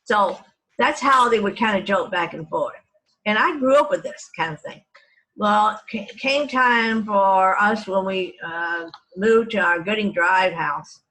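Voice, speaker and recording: A woman's voice: medium pitch, measured pace, pushed and bright, rough recording. An older woman from Texas reminiscing about her childhood family, meandering through her memories with frequent restarts and self-corrections. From Dallas, Texas. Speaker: family storyteller. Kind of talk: reminiscing oral history.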